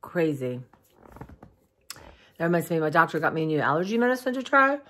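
Close to her camera in a dim room at home, a woman vlogger with a drawl speaks in a low, weary voice, worn down by allergies and fatigue and clearing her throat. Her casual personal vlog rambles warmly and heartfelt, full of "um"s and "you know"s. Even so, she's very animated and talks a little fast.

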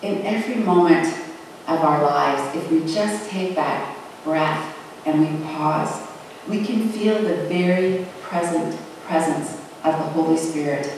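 A preacher delivering a sermon in a measured way, stretching out key words for emphasis. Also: mid-range voice, slight background noise. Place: large church sanctuary. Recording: echoey hall, voice from far off.

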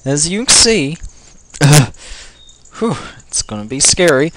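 Excitable male gamer narrating his playthrough, jokey with panicked outbursts, bright high register. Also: takes it slowly, background noise. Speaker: gameplay commentator. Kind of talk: let's play commentary.

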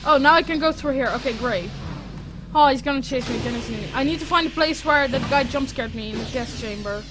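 A woman's voice: high-pitched, fairly quick, music in the background. A woman playing a horror game, panicking, swearing and muttering to herself as she goes. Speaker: gaming streamer. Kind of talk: horror game let's play commentary.

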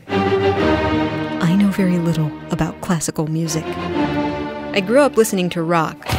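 A woman hosting a classical music podcast, upbeat and laughing easily as she introduces and questions her guest. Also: on the low side. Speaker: podcast host. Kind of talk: scripted intro then interview chat.

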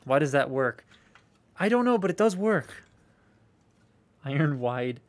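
A man's voice: a little high, sing-song, unhurried. A young man chatting casually on a live stream while unboxing collectible toys, rambling, swearing freely and answering viewer comments.

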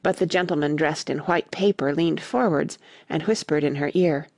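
A woman reading a classic storybook aloud as an audiobook narrator, expressive and animated. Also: sits low, moderate pace, creaky, few pauses, dry recording, clean studio sound.

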